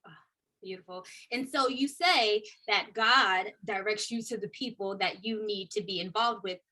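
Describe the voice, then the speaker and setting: A woman hosting a casual interview, asking questions and cheering her guest on with warm affirmations. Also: mid-range voice, moderate pace. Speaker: interview host.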